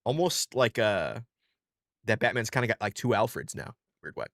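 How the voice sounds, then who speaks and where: A man's voice: on the low side, sing-song, moderate pace, fairly bright tone, dry recording, studio quality. A man co-hosting a comics podcast, rambling in a laid-back way and swearing freely. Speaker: podcast co-host. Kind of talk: casual comics podcast chat.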